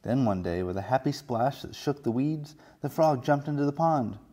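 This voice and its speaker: A man, a children's librarian, reading a picture book aloud in a slow, gentle storytelling way. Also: mid-range voice, lively intonation.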